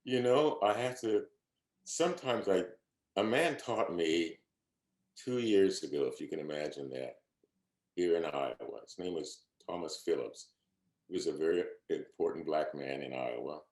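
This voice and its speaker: A man's voice: low-pitched, animated, normal speed, a little mellow, roomy sound. An older man, an opera singer, earnestly and humbly reminiscing about his career in an oral history interview. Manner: reminiscing, earnest, humble, repeats quoted speech. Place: at home, on a video call.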